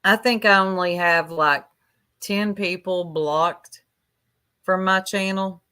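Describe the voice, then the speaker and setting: A woman's voice: mid-range voice, steady tone, slow pace, pushed and bright, clean tone. A woman in casual livestream chat, gossiping in a chatty, catty, drawling way.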